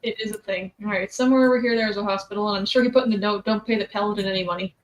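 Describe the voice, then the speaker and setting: A woman's voice: mid-range voice, fairly even intonation, racing, low-quality recording. A woman playing a tabletop game, casual and playful. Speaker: player.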